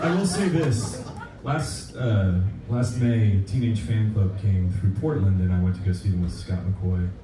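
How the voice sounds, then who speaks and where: A man, a musician guest, telling a story in a casual, animated way and acting out the dialogue. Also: on the low side. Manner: animated, acts out quoted dialogue. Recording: echoey room, distant mic, noisy.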